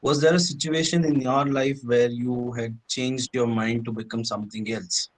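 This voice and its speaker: A man's voice: medium pitch, fairly even intonation, normal speed, poor audio. A man interviewing a student, asking questions in loose, hesitant phrasing.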